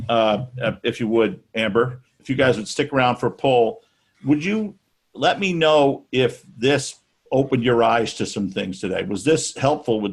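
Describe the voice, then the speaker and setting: A middle-aged man presenting a sales webinar in a loose, chatty way, often restarting his sentences. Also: medium pitch. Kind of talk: casual sales webinar talk.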